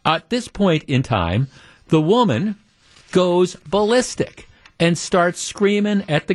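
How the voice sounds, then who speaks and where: A man's voice: sits high, very animated, unhurried, no echo. A man hosting a talk radio show, telling a story with animation and acting out the quotes.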